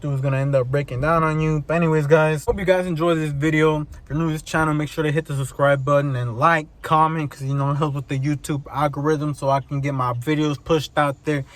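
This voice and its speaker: A young man vlogging from his truck in an animated, slangy rant, swearing often and mimicking the people he complains about. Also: a little high, a little fast, hardly any pauses. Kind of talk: casual vlog chat.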